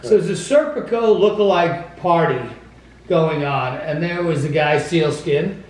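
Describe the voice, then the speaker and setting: A man's voice: fairly high pitch, unhurried, a little mellow. Prompting host man in echoey room. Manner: prompting, laughs along. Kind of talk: casual chat. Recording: echoey room, distant mic.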